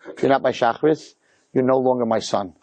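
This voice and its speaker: A man voicing his stern older father, who speaks in a slow, deliberate and commanding way. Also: medium pitch, darkish tone, natural voice.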